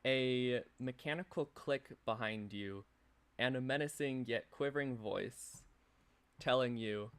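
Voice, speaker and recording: Male game master, slow measured narration, playful asides. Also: medium pitch, clean tone.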